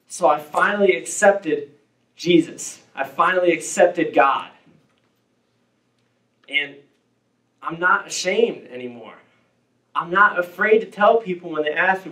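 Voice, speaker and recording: A man's voice: on the high side, animated, normal speed, long pauses, fairly bright tone. Young man in a roomy hall. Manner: casual, joking, self-deprecating. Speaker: student giving testimony. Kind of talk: personal testimony to a youth group. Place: church youth hall, indoors. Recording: roomy hall, distant mic.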